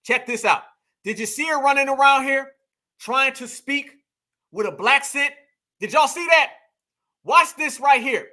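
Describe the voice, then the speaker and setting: A man's voice: extremely high pitch, a little slow, pauses often, bright, forceful tone. A man giving emphatic casual commentary, asking rhetorical questions and talking straight to his viewers. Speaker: online commentator.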